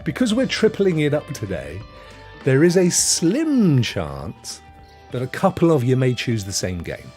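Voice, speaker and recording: Man, live-stream host, joking, wildly swooping pitch. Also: wildly swooping pitch, measured pace, a little mellow, soft background music. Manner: chatty, jokey, reads chat aloud. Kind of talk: casual live-stream chat.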